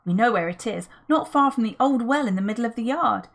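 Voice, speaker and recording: A woman's voice: fairly high pitch, expressive, brisk, gravelly, voice pushed up. A woman reading the part of an eager, practical boy who keeps suggesting what to do next.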